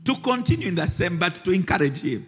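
A man preaching a sermon with live interpretation, telling a personal story with emotion and swinging between loud and soft. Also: high voice, big pitch swings, quick pace, breathy edge. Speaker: pastor. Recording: reverberant hall with faint music.

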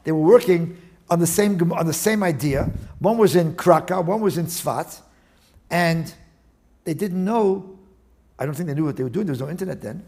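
A man interviewed as a guest, explaining his work in an animated, digressive way with many restarts. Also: on the high side, normal speed. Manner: animated, digressive, with frequent restarts and Talmudic terms. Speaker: guest, attorney and index author. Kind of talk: casual interview talk.

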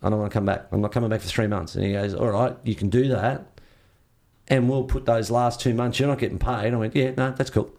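Speaking a little fast in a steady, slightly mellow, medium-pitched voice, this older Australian man rambles through surf-trip tales as an interviewee. He's relaxed, curses liberally, and performs the quoted lines himself.

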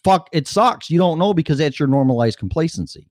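A man hosts a casual talk show and curses freely. His pitch rises and falls in an animated way. The sound is dry and close. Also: dry recording. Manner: blunt, swears a lot, quick restarts. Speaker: podcast host. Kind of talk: profane casual chat.

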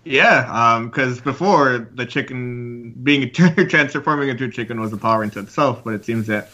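A man's voice: medium pitch, moderate pace, pushed and bright. A man co-hosting a casual video game podcast, rambling with lots of fillers and laughs. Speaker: podcast co-host. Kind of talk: casual chat.

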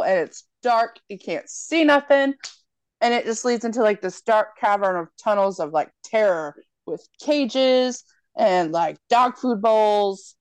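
A woman's voice: medium pitch, smooth, no room sound. A young woman in casual chat, animatedly retelling a movie plot with lots of swearing and acted-out lines. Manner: animated storyteller, swears freely, acts out lines.

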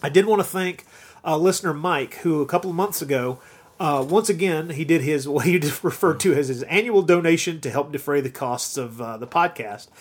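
A man co-hosting a podcast in casual chat, animated and profane, rambling through tangents. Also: fairly high pitch, fairly quick, breathy edge. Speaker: podcast co-host.

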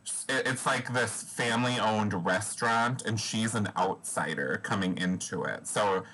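A man's voice: on the low side, unhurried, bright, forceful tone, slight background noise, poor audio. A man from the US Midwest co-hosting a podcast in casual chat, chatty and laughing often. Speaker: podcast co-host.

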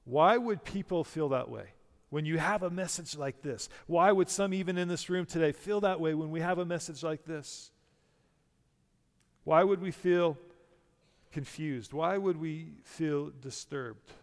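A man's voice: on the high side, a little slow, big-room sound. A man preaching a sermon to a congregation, emphatic and full of rhetorical questions. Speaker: pastor.

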